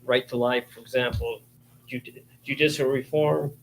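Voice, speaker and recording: A man gives casual meeting announcements in a plainspoken, halting way. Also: mid-range voice, steady tone, vocal fry, slight background noise, rough recording. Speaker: committee member.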